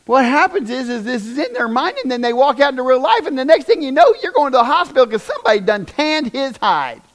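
A man, preaching a fiery revival sermon in a church, swinging from shouts down to a near-whisper. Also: very high-pitched, very animated, quick pace. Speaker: pastor.

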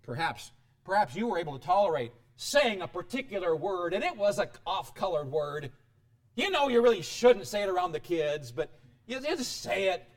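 A middle-aged pastor preaching with a high, lively voice. He swings from hushed asides to sudden loud outbursts, his pitch leaping and dropping as he drives each point home. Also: normal speed. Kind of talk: sermon.

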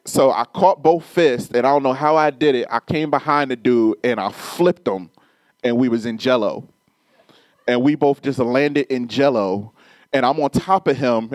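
A middle-aged preacher with a fairly high voice tells a story from his own life in a loose, conversational way. As the point lands, he climbs in pitch and volume into emphatic preaching. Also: no echo. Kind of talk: storytelling sermon.

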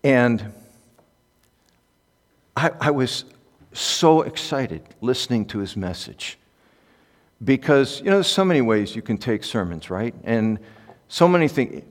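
A man preaching a sermon as pastor, swinging from soft, quiet asides to loud, impassioned peaks. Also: mid-range voice, sing-song, measured pace, long pauses. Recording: echoey hall with long reverb.

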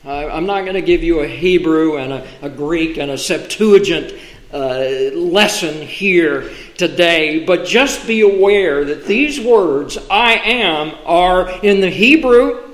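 A man preaching a sermon from the pulpit in a slow, deliberate way, pausing for emphasis. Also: on the high side, animated, fairly bright tone, roomy sound, low-quality recording. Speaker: pastor. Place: church sanctuary.

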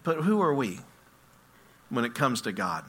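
A male pastor preaching a sermon, telling stories and acting out voices, swinging between loud and hushed. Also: medium pitch, a little slow, husky. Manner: storytelling, animated, acts out voices, swings loud and soft.

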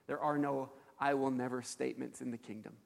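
A man preaching a sermon as a pastor, telling stories in an animated way with frequent fillers. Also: medium pitch, brisk, gravelly, big-room sound.

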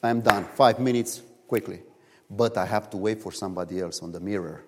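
A man preaching a sermon in a church, telling stories in animated, non-native English, recorded in a reverberant hall. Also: lowish voice, a little fast. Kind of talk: sermon with storytelling.

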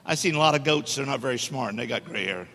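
Bright-voiced preacher in an echoey church. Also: male voice, medium pitch, animated, fast talker, gravelly. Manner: emphatic, joking with the congregation. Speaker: guest preacher. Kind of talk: sermon. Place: church sanctuary. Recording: echoey church hall reverb.

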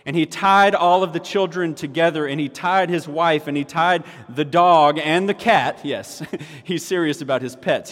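A man's voice: a little high, fairly bright tone. A male pastor giving a sermon, emphatic and repeating key phrases for weight. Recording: long hall reverb.

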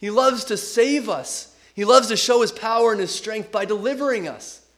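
Emphatic high-voiced male preacher. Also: moderate pace, a bit bright. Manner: earnest, emphatic preaching with repetition. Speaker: pastor. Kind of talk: sermon.

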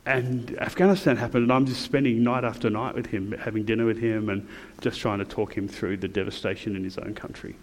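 A middle-aged man in church leadership, speaking reflectively and haltingly, with many pauses and restarts. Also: fairly low pitch, fairly even intonation, big-room sound. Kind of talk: reflective personal talk.

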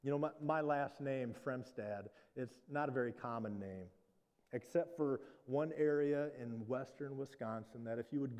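A man's voice: mid-range voice, a little mellow, long reverb tail. A man from the American Midwest preaching a sermon to his church, talking conversationally with frequent restarts and asides. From Midwestern United States. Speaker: pastor.

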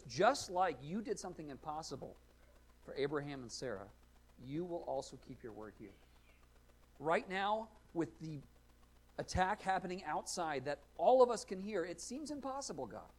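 A male pastor preaching a sermon, earnest and explanatory, rising to loud emphatic readings of scripture. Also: on the high side, slightly rough.

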